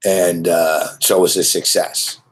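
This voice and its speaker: A man's voice: low voice, little pitch movement, unhurried, breathy edge. A man from Montreal, hosting and telling a rambling, profane story that keeps repeating itself. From Montreal, Canada. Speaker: host.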